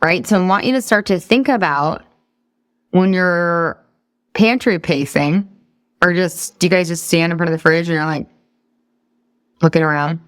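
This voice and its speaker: A woman's voice: on the low side, normal speed, long pauses, clear, resonant tone, no room sound, clean studio sound. A woman in her thirties leading a live weight-loss coaching class, chatty and encouraging, firing questions at the group and laughing at herself when she drifts off topic.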